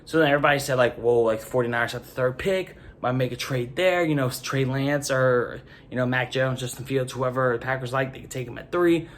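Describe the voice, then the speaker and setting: A young man giving a casual, rambling sports opinion monologue as host, leaning hard on "like" and getting animated. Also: medium pitch, brisk, hardly any pauses, slight background noise. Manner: rambling, animated, heavy use of "like".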